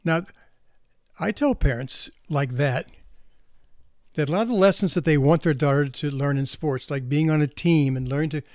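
A man's voice: on the high side, normal speed, darkish tone, dry recording, clean studio sound. A man speaking earnestly as a counselor to parents, often restarting and repeating words as he talks. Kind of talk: reflective spoken talk.

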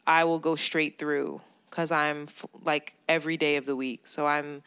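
A woman co-hosting a podcast in casual banter, animated and laughing often, acting out what others say. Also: low-pitched, moderate pace, smooth. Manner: animated, laughs often, quotes people in voices. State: overworked, on edge. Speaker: podcast co-host.

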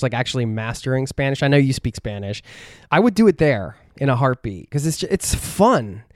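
Man, podcast host, casual chat, easygoing, animated, dry close sound. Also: a little high, no echo.

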